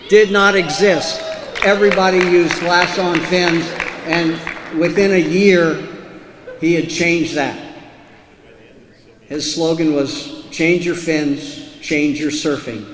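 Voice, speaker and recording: A man's voice: fairly high pitch, a bit bright. A man giving a formal introduction of an inductee at a ceremony, punching key words with emphasis. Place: ceremony hall on a PA system. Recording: echoey hall with a long reverb.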